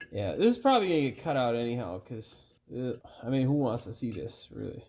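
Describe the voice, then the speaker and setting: A man's voice: medium pitch, lively intonation, fairly quick, creaky, a little mellow, slightly rough. A man working in a garage as he explains a car repair, often frustrated and swearing under his breath, picked up by a camera mic a few feet off. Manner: frustrated, swearing and muttering to himself while working. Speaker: auto mechanic host. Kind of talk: hands-on repair tutorial. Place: auto repair garage, indoors.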